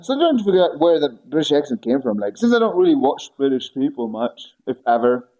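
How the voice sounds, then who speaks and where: A man's voice: fairly high pitch, big pitch swings, a little fast, mellow. A man chatting casually with his viewers during a workout stream, rambling and joking as he goes. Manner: rambling, joking, talking to chat. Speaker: livestreamer. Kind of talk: casual stream chat while working out.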